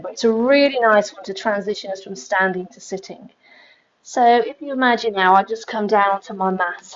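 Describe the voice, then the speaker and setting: A woman's voice: on the high side, a bit bright, muffled recording. A woman pilates instructor leading a live workout, counting reps aloud and chatting between exercises, a little out of breath. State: slightly out of breath. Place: home room with exercise mat.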